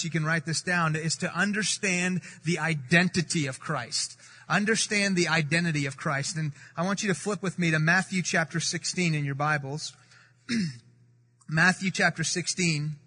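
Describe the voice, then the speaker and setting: Emphatic high-voiced preacher man. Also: bright, forceful tone. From Middle East. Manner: emphatic, repeats key phrases, slows for scripture. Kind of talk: sermon. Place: church sanctuary. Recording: reverberant hall.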